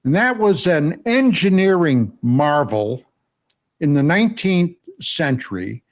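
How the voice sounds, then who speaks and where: An older man from Pennsylvania telling a personal story on a radio show, animated and often asking "okay?". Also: on the high side, slow. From Pennsylvania, USA.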